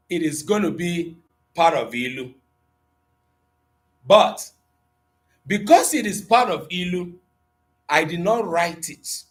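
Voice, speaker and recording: A man with an Igbo accent runs a live online class, switching between English and Igbo as he reads out viewer comments. His manner is playful, with frequent chuckles and gentle teasing of his students. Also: fairly high pitch. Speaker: Igbo language teacher.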